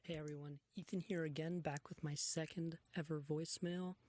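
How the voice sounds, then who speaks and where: Flat-voiced man leaving a voicemail. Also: on the high side, moderate pace. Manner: friendly, joking. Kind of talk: voicemail message.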